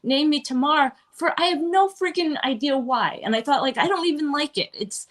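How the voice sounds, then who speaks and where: A woman's voice: high-pitched, expressive, normal speed. Chatty rambling New woman. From Manhattan, New York. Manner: rambling, chatty, many fillers and asides. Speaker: guest performer. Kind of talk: casual interview chat. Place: restaurant, live-streamed.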